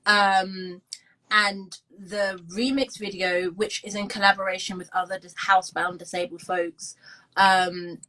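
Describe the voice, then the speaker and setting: A woman's voice: medium pitch, bright, forceful tone, rough recording. A young woman in her twenties with a London accent, chatting casually as co-host, rambling with lots of ums and restarts. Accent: London English. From London, England. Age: 20s. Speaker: co-host, musician. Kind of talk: casual video-call chat.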